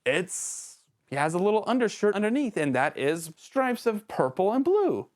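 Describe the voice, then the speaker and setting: Animated jokey man hosting a review show. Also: normal speed. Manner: animated and jokey, with sudden pitch jumps; rambling, self-interrupting. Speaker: host of a villain-ranking show. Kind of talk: casual video commentary.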